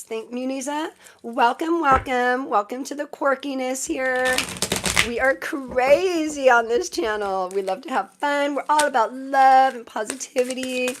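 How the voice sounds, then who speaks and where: Against a noisy background, a slightly high-voiced tarot reader chats casually on a live stream. She's in her forties, from Southern California with a Valley girl cadence, and rambles on, describing herself as quirky and unfiltered, her voice troubled for months.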